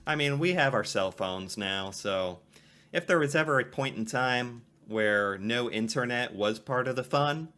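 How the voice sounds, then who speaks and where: Lively, bright-voiced man reacting and laughing. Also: medium pitch, measured pace. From Canada. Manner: chatty, laughs often between remarks. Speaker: reaction video host. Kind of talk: casual reaction commentary.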